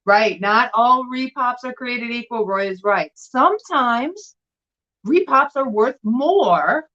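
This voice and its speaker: A woman's voice: on the high side, animated, slow, bright, forceful tone, lo-fi sound. A woman co-hosting a casual live sale stream, chatting animatedly as she shows items. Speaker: vintage glass seller and co-host.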